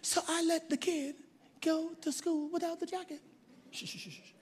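A man preaching a sermon as pastor, emphatic, swinging from shouted exhortations to hushed low asides. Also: fairly even intonation, moderate pace. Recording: long hall reverb.

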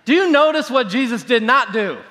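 High, bright-voiced preacher in a reverberant hall. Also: male voice, brisk. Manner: animated, mocking impressions of prayer habits. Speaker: pastor. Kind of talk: sermon.

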